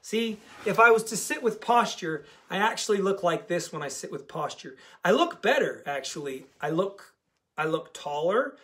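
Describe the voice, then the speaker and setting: A man's voice: sits high, lively intonation, moderate pace, bright, forceful tone. A man coaching a diet program community in a casual, emphatic talk to camera, repeating key words for stress.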